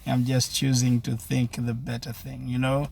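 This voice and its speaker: A man's voice: mid-range voice, completely flat delivery, normal speed, creaky, a little mellow, a little hiss or hum. A man giving a devotional sermon with earnest, repetitive exhortation. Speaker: preacher.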